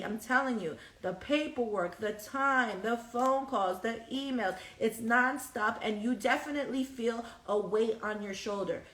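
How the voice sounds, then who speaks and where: A woman hosting her own podcast, candid and emotional, laughing easily and acting out what others said. Her voice sits a little high and sounds bright and forceful. She is a bit away from the mic in a roomy, echoey space. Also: far from the mic. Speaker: podcast host. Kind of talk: solo podcast talk.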